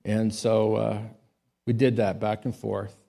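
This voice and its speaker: A man's voice: lowish voice, little pitch movement, slow pace, vocal fry. Man preaching a storytelling sermon. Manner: storytelling, rising to loud emphatic peaks. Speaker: pastor.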